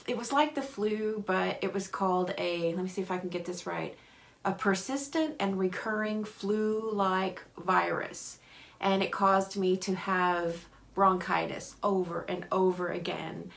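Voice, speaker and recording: A woman's voice: lowish voice, vocal fry, fairly bright tone. A woman hosting a live paper craft tutorial, chatting cheerfully and greeting viewers by name. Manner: cheerful, apologetic asides.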